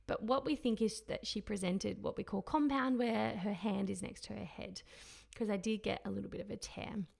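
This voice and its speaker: Hosting her podcast, a woman shares a personal story with emotion and reflection, frequently hunting for the right words. Her voice sits in the mid-range and has a gravelly texture.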